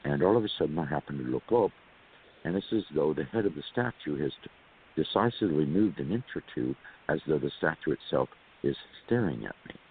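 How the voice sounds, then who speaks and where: A man's voice: rumbling low, expressive, brisk. A man from California telling a long personal story as an interview guest, rambling with repeated words and asides to listeners. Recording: tinny phone line with hiss.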